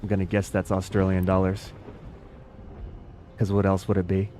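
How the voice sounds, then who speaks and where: Casual American male streamer, lowish voice, rambling and self-mocking chat with viewers. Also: monotone, normal speed, dark tone, slight background noise. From United States. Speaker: game streamer. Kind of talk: casual live-stream chat while playing.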